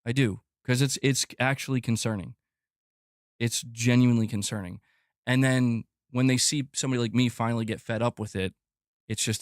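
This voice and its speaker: A man hosting a gaming channel livestream, ranting in an exasperated, profane way that repeats itself and climbs in pitch as he gets worked up. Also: fairly even intonation, fairly quick, no echo, studio quality. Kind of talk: livestream rant reading chat.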